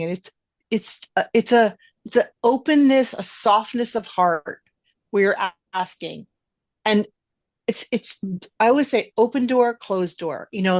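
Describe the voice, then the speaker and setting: A woman's voice: mid-range voice, a little slow, no room sound, clean studio sound. A middle-aged woman hosting a podcast in casual conversation, stressing her words emphatically. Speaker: podcast host.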